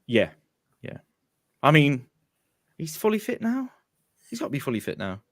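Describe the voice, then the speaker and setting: A man's voice: on the high side, wildly swooping pitch, normal speed, no room sound, clean studio sound. A man hosting a casual football fan show, chatting candidly with frequent ums.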